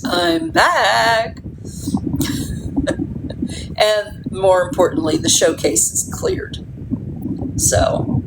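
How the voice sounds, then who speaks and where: A woman's voice: mid-range voice, lively intonation, extremely slow, pauses often. A woman in her sixties telling a rambling story in casual chat, with lots of fillers and restarts along the way. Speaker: livestream host. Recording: loud background noise on a livestream.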